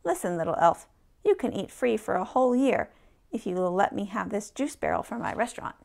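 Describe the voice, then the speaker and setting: A man's voice: sits high, lively intonation, brisk, creaky, a little mellow. A man voicing a giggly, bubbly female frog who runs a restaurant, in a read-aloud storybook. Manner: bubbly, laughing.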